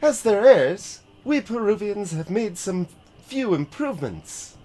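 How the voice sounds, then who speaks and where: A man voicing a proud, playful dark-haired woman who flies a gyrocopter in a story game, pitching his voice up. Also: sing-song, a little slow. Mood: boastful. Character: boastful dark-haired female Peruvian gyrocopter pilot.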